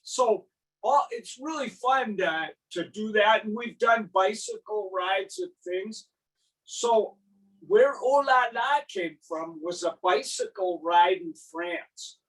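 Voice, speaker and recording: An older man tells his stories with exuberant energy, punching them up with big sound effects. His voice sits high and he takes his time, and the mic is set some distance away. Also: lively intonation, takes it slowly, a bit bright. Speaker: gardening speaker. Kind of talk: storytelling gardening talk.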